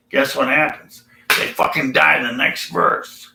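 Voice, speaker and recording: A man's voice: mid-range voice, level tone, measured pace, creaky, few pauses, bright, forceful tone, reverberant, slight background noise, low-quality recording. A man ranting sarcastically and profanely while reading scripture aloud. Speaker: atheist video commentator.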